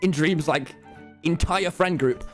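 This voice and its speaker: A man's voice: a little high, measured pace, fairly bright tone, soft background music. A young British man in his late teens, a streamer telling a rambling, self-deprecating story on his livestream.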